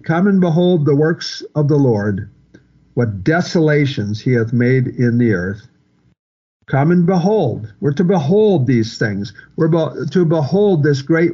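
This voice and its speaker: A man delivers a verse-by-verse sermon in an earnest, repetitive manner, restarting phrases and pressing points home. His voice sits a little higher than most men's. The recording is dull and muffled, with the top end lost. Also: darkish tone. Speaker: preacher. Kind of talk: expository sermon.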